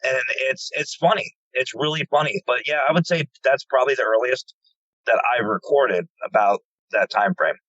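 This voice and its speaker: Husky man telling ghost stories. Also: medium pitch, moderate pace, no room sound, muffled recording. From central Pennsylvania. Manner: animated, repeats words when starting, acts out quoted dialogue. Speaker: paranormal investigator, guest. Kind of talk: casual storytelling interview.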